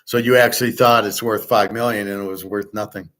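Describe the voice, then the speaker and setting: A man's voice: fairly low pitch, steady tone, a little fast, a bit bright. Blunt, profane man lecturing casually. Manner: blunt and profane, rambling with restarts. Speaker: online class teacher.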